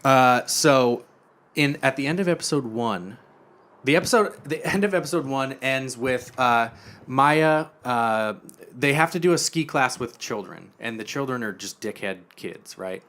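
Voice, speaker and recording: A man's voice: medium pitch, animated, a little slow. Rambling young man recapping a show. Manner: rambling, acts out lines in quiet quoted voices. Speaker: podcast co-host. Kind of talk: casual chat, retelling a TV episode.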